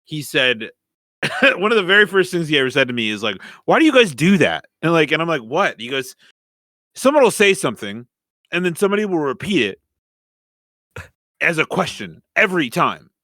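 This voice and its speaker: Lively, bright-voiced man telling stories. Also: fairly high pitch, normal speed, long pauses, dry recording, clean studio sound. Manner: animated storyteller who swears freely and acts out quotes. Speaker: podcast co-host. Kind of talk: casual chat.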